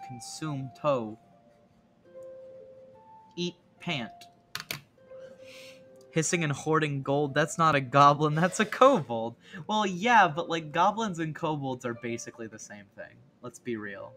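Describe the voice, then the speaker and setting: Bright-voiced silly male streamer. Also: a little high, very animated, normal speed, few pauses, soft background music. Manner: silly, rambling, giggly. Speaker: art streamer. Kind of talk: casual live-stream chat. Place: home streaming setup.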